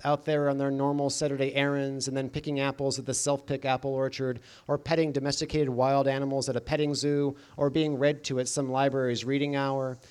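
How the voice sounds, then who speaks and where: A man narrating an audiobook in the first person with a deadpan, dry delivery. His pitch sits in the middle of the range for a man. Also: clean tone.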